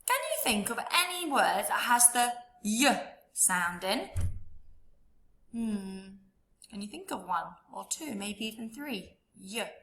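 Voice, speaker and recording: A woman teaching a children's phonics lesson, sounding out letters slowly and coaxing the listener to repeat after her. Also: on the high side, lively intonation, fairly bright tone, reverberant. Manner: slow, drawn-out sounding out of letters with encouraging prompts.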